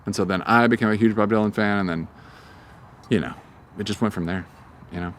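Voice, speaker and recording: A man's voice: lowish voice, a little fast, a little hiss or hum. A young man, a singer-songwriter answering interview questions outdoors in a park, rambling in an easygoing way with lots of ums and uhs.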